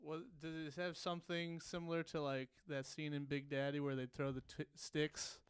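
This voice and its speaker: Smooth, slightly high-voiced man joking along. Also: level tone, dry recording. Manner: easygoing, joking along, quick asides. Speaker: comedian guest. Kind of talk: casual podcast chat.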